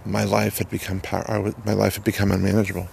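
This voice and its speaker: A man telling a personal testimony in a halting, earnest way, repeating words as he goes. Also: lowish voice, monotone, creaky, darkish tone, slight background noise. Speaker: person sharing a recovery story.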